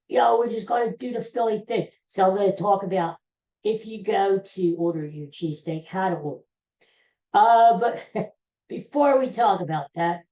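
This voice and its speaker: A man's voice: high voice, gravelly, dark tone. An older man hosting a casual solo podcast, rambling and joking in a folksy way. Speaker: podcast host. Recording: roomy echoey room.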